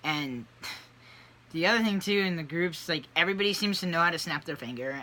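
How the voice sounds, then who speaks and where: A vlogger talking candidly in a casual personal video, rambling with many fillers and animated asides. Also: mid-range voice, normal speed.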